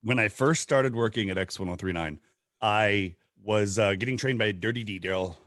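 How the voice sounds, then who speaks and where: A middle-aged man hosting a podcast, telling stories in a casual, animated way and laughing often. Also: moderate pace, dry recording, clean studio sound. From Southern California. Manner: animated, laughs often, acts out quotes in high voices. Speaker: podcast host. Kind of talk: casual storytelling chat.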